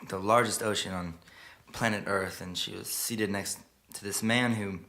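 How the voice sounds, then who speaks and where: A man performing live, telling a story in a quiet, halting way before a song. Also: fairly low pitch, fairly even intonation. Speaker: singer-songwriter performing live. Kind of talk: spoken story intro over guitar. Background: guitar playing.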